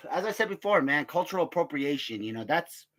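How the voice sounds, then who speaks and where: Laughing, rambling man with lively pitch. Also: a little fast. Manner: laughing, profane, meandering with many fillers. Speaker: vlogger. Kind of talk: casual rambling storytelling.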